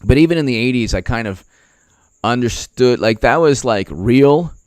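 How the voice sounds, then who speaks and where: A man's voice: mid-range voice, expressive, moderate pace, a little mellow, dry recording. A man hosting casual political commentary, rambling with many fillers and slipping into mocking impressions.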